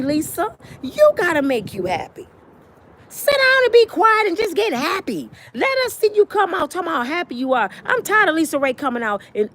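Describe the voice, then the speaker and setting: A woman in her fifties giving blunt, animated and profane celebrity gossip commentary on her vlog. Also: high-pitched, a little hiss or hum. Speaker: vlogger.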